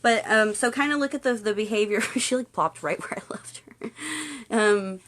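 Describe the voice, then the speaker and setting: Woman host, casual livestream, chatty and playful, middle pitch. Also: moderate pace, fairly bright tone, slight background noise. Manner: chatty, playful, puts on silly voices for quotes.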